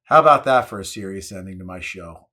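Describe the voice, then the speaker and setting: A man's voice: deep voice, expressive, fairly quick, bright, forceful tone. A man hosting a casual vlog, chatting in a wry, jokey way while making a cocktail. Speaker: host.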